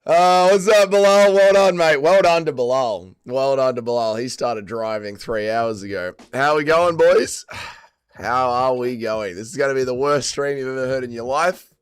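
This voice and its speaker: Australian man, smooth voice, still drunk. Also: mid-range voice, moderate pace, no room sound. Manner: swearing, laid-back banter with chat. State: still drunk and tired after a late night. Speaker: livestream host. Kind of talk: casual livestream chat.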